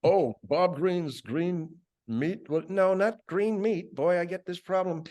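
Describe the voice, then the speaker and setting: A man doing a slow, exasperated chef. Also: sits high, darkish tone, voice pushed up. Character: Hendrie's exasperated chef character, adult man.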